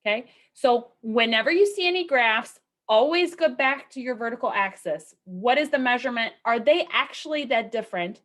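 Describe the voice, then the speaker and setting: A woman's voice: on the high side, animated, moderate pace, few pauses, fairly bright tone. A woman giving a recorded statistics lecture in a conversational way, asking rhetorical questions and often checking in with okay and right. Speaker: statistics instructor.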